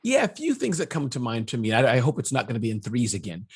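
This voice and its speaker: A middle-aged man, an entrepreneur guest, talking business advice in an energetic, emphatic way and ticking off numbered points. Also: medium pitch, quick pace, husky. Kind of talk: casual business interview.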